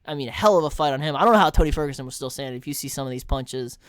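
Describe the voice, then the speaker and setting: Man casually talking sports, smooth voice. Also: medium pitch, very fast, no echo, clean studio sound. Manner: animated storytelling, lots of fillers. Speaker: podcast co-host.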